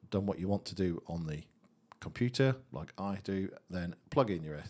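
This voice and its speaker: A man casually walking through a software tutorial, chatty and thinking aloud. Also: deep voice, expressive, moderate pace, breathy edge. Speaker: tutorial host.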